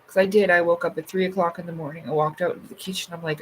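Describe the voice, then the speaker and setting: A woman's voice: lowish voice, steady tone, fast talker, few pauses, a little hiss or hum, poor audio. A woman hosting a casual livestream, chatting loosely with her viewers, full of fillers and swearing freely. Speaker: livestream host. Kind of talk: casual live chat reading comments.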